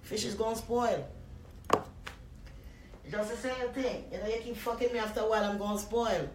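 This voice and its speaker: A woman from Jamaica with a Jamaican accent, talking loudly and profanely to her live-stream viewers in a casual, rambling way, often breaking into laughter. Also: fairly high pitch, normal speed, reverberant, noisy background. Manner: profane, loud and animated with frequent laughs.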